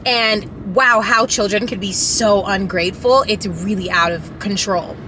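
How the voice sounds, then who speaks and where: A woman's voice: mid-range voice, measured pace, sharp tone, slight background noise. A woman vlogger telling a storytime in casual chat, rambling with many fillers and restarts, candid and emotional, now and then profane.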